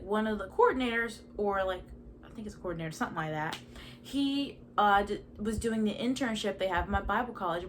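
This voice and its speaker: Chatty young woman with a higher voice. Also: slight background noise. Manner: chatty, animated storytelling with frequent "like". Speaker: podcast host. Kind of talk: casual personal testimony. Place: at home in a chair indoors.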